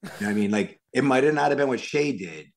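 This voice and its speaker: A man's voice: mid-range voice, animated, fast, gravelly. A man with a Worcester, Massachusetts accent, a guest actor and stuntman telling stories casually in an interview, acting out quotes with many fillers.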